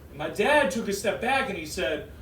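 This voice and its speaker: Young male stand-up, Massachusetts accent, brash and animated, voice sits high, roomy stage sound. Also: moderate pace. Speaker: stand-up comedian. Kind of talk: stand-up set. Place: comedy club stage. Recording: roomy club sound from far off with audience noise. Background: audience laughter.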